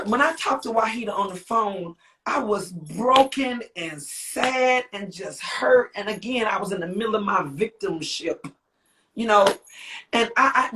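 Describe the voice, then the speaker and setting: A woman with a mid-range, fairly bright voice appears as a guest on a live interview. She's a singer and author, and her emotional livestream conversation is heartfelt and rambling, with repeated phrases and exclamations.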